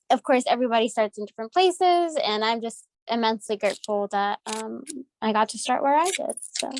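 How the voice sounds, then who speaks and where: Upbeat higher-voiced American woman. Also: no echo. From United States. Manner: upbeat, effusive, frequent "um" and "like". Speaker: voice actress guest. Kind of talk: casual interview.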